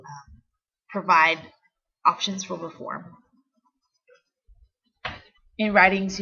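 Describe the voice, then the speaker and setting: A woman teacher giving a recorded lecture, explaining slowly and repeating key terms with an occasional "okay?" to check on her students. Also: fairly low pitch, gravelly, fairly bright tone, breathy edge. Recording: dull lo-fi recording.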